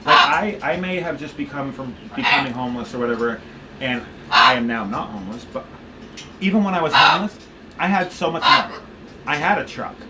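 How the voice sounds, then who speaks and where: A man's voice: medium pitch, expressive, a little fast, very noisy. A man in his thirties from the United States, rambling through a casual vlog update with frequent restarts, filming himself on a handheld camera while walking around his home. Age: 30s. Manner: rambling, restarts often, talks to his pet. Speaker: vlogger. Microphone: handheld camera on a gimbal.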